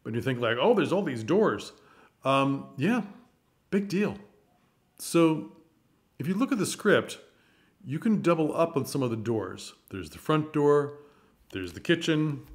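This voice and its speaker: A man's voice: a little high, very animated, measured pace, pauses often. Chatty man giving theater advice. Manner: chatty, coaching, encouraging, with rhetorical questions. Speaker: theater channel host. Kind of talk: casual advice monologue.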